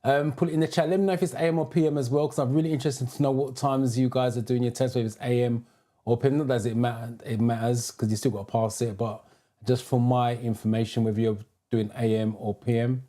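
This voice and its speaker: Dark-voiced British man hosting a live stream. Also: mid-range voice, fairly even intonation, quick pace. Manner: reads out viewer comments and greets them by name. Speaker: driving theory instructor.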